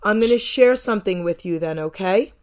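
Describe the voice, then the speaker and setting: A woman's voice: mid-range voice, a little fast. A woman from New Jersey hosting a radio show, interviewing a guest casually, enthusiastic and effusive, firing off several questions in a row.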